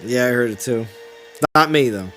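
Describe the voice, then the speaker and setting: A man hosts a live game stream, chatting loosely with friends and reading viewer messages aloud. His delivery is upbeat and casual, often repeating words as he thinks. His voice sits at an ordinary middle pitch. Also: normal speed, sharp tone, faint music behind. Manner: upbeat, reads out chat and repeats himself. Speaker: stream host. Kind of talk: casual chat while gaming.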